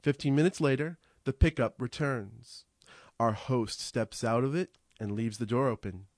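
A man narrating a first-person audiobook in a measured, reflective way, slowing on vivid images. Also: medium pitch, darkish tone, no room sound, studio quality.

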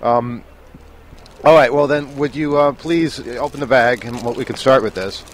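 A man's voice: medium pitch, moderate pace. A man chatting casually on a hotel balcony and joking as he hosts. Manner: joking, chatty, laughs often. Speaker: co-host. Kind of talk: casual chat. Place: hotel balcony above a busy street. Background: street traffic.

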